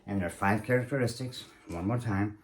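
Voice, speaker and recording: Deep-voiced man giving measured advice. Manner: measured, hesitant with frequent fillers. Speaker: video channel host. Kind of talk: casual instructional talk to camera.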